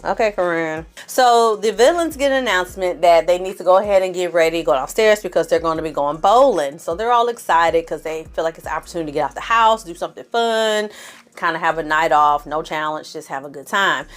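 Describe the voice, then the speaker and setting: A woman casually recapping a reality TV episode in an animated, sassy way, with slangy asides and acted-out quotes. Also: on the low side, fairly quick, soft background music.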